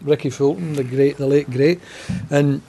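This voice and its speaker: A man's voice: on the high side, fairly even intonation, normal speed, mellow. A Scottish man chatting as a guest, telling stories at length and saying "aye" a lot. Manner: chatty storyteller, says "aye" often. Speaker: guest comedy writer promoting a play. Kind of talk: casual chat.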